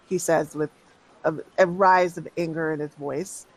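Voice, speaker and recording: A game master narrating a tabletop role-play session. The delivery is casual and loose, full of small hedges. The voice sits at an ordinary middle pitch. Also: steady tone, measured pace, poor audio.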